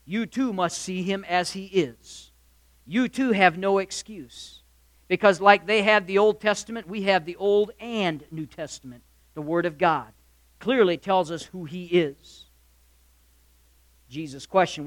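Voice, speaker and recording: Male pastor, high bright voice, dry close sound. Emphatic sermon delivery that swings loud to quiet, full of rhetorical questions to the room. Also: unhurried, no echo. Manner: addresses listeners directly, asks rhetorical questions. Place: church or hall with live congregation.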